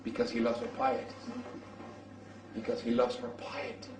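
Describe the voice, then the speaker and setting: A man preaching in the style of a storytelling sermon, animated as he acts out the dialogue. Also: very high-pitched, moderate pace, creaky, far from the mic. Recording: roomy echo from off-mic.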